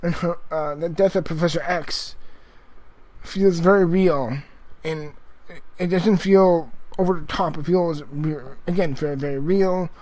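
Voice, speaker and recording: A man talks through a movie review in a loose, rambling way. His voice sits a little high for a man. He stops and restarts often and swears for emphasis. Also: fairly even intonation, unhurried, darkish tone, poor audio. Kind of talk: casual spoken movie review.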